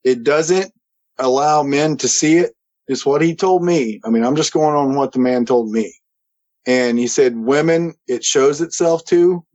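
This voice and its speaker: A man telling a story in a casual, animated way as a guest, acting out the quoted voices and chuckling now and then. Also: medium pitch. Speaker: guest recounting a paranormal experience. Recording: slightly dull lo-fi audio.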